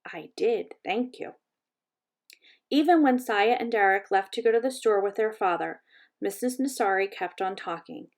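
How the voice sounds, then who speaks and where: A woman reading a children's chapter book aloud in a gentle, measured storytelling voice. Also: mid-range voice. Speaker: reader.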